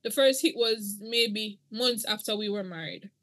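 A woman's voice: mid-range voice, unhurried, fairly bright tone, no room sound. A middle-aged woman, earnestly telling her own story as a podcast guest. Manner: earnest, emotional, church-toned. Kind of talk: podcast interview testimony.

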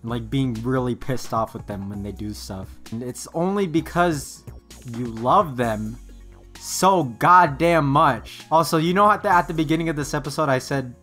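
An anime reaction host in casual commentary who laughs often, swears and restarts sentences. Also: female voice, very deep voice, moderate pace, fairly bright tone, soft background music.

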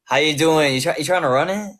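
Woman w/ a really low voice, teasing someone on video chat. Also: quick pace, fairly bright tone. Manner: teasing, playful challenge.

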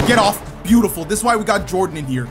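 A man giving lively commentary over his own basketball video game match, talking to himself and his viewers and breaking into sudden shouts. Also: high voice, fast, over music. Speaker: gaming YouTuber. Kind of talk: live gameplay commentary.

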